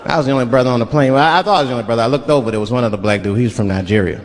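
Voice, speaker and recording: A man performing a stand-up comedy set on a live stage, telling stories in an animated way and slipping in and out of voices. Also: medium pitch, racing. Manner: animated storytelling, swinging between voices. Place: live stage before an audience. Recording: live stage with crowd noise. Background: audience laughter.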